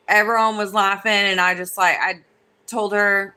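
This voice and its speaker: A woman's voice: mid-range voice, flat delivery, normal speed, sharp tone, smooth. A woman chatting casually and cursing freely as she retells a story with animation.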